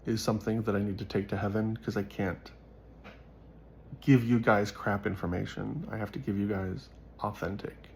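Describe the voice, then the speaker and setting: Low, gravelly man talking earnestly. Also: slight background noise. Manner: earnest and rambling, many fillers. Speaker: faith vlogger. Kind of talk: casual monologue to viewers.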